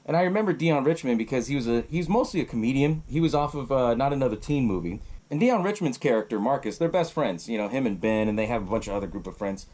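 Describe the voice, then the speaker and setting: In a casual retelling of a horror movie, a man hosting a podcast swears freely and laughs along loosely. His voice is mid-range, expressive and fast, with a darkish tone.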